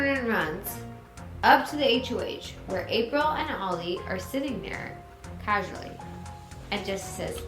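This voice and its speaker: Animated woman retelling gossip. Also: mid-range voice, unhurried, over music. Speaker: host. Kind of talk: comic drunk-history retelling. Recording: echoey room.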